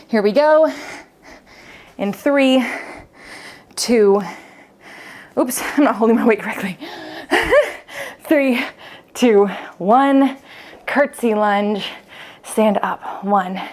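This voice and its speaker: A woman's voice: mid-range voice, darkish tone. A young woman fitness coach, out of breath as she leads a home workout, chatting, counting reps and laughing often. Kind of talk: talking while leading a home workout.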